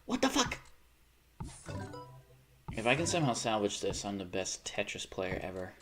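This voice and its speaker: Cursing, excitable male game streamer. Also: brisk, music in the background. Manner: swearing, panicky outbursts between low self-critical muttering. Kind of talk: live gaming commentary.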